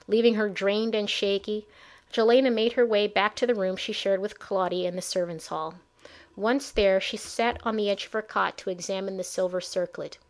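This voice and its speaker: A woman's voice: mid-range voice, fairly bright tone. Woman narrating a storybook. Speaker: audiobook narrator.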